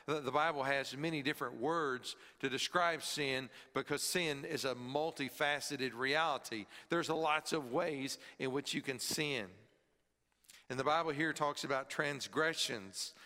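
A man's voice: medium pitch, pushed and bright, long reverb tail. A man preaching a sermon to a congregation in a church, with emphatic stress on key words. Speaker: pastor. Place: church sanctuary, also filmed. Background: congregation present.

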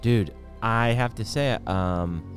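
A man in his thirties co-hosting a podcast, chatting loosely with halting restarts and frequent laughs. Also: on the low side, faint music behind. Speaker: podcast co-host. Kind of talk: casual banter.

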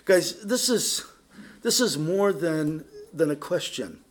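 A man gives a conversational sermon, earnest and direct, turning often to address his listeners. His voice sits a little higher than most men's, and he restarts his sentences as he works through his thoughts. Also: expressive, takes it slowly. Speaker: preacher.

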